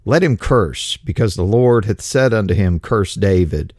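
A man's voice: fairly low pitch, expressive, unhurried, a little mellow, dry recording, clean studio sound, voice pushed down. A man reading the lines of an old embattled king in solemn archaic scripture language. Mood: grave.

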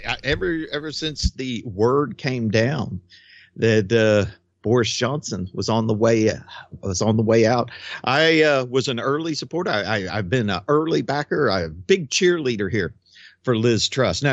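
A mid-pitched man delivering mocking political commentary full of sarcasm. His voice sounds close and dry, with a dull, lo-fi tone. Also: expressive, moderate pace, no echo. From United States. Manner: mocking, sarcastic, laughs at his own jokes.

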